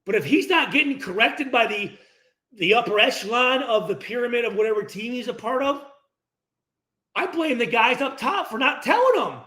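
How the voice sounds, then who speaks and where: Middle-aged guy ranting about football, swears a lot, high lively voice, echoey room. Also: normal speed. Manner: profane, animated, acts out dialogue. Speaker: former player hosting a post-game reaction. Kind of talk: casual unscripted rant. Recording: roomy echo.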